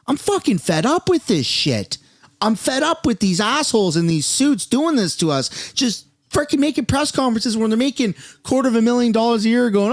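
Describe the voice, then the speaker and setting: A man's voice: very high voice, big pitch swings, moderate pace, dry recording, studio quality. A man from Canada, a commentary host, ranting angrily and with lots of profanity about the state of the country. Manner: angry, profane, exasperated.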